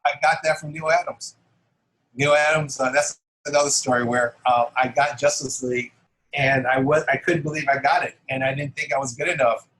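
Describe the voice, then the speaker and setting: A man's voice: mid-range voice, brisk, poor audio. A middle-aged man, a comic book artist, talking casually as an interview guest and chuckling as he tells anecdotes. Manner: animated, chuckles while telling anecdotes. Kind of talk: casual storytelling.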